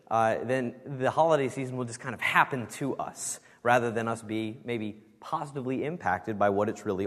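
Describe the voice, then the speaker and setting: A male pastor delivering a Sunday sermon at a middle pitch. He speaks earnestly and stresses words with shifting emphasis. His voice rings out with the long reverb of a church hall. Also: fairly bright tone. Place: church sanctuary.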